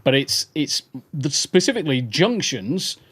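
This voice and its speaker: A man's voice: on the high side, sing-song, unhurried, a bit bright, husky. A British man hosting a podcast, chatting casually with sweary, jokey banter. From Britain. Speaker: podcast host. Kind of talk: casual chat.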